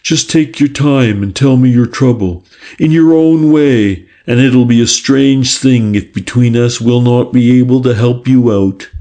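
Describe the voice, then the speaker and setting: A man's voice: medium pitch, unhurried, dark tone, close to an everyday voice. A man reading a kindly, courteous police inspector. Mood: reassuring. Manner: kindly, soothing, slightly testy.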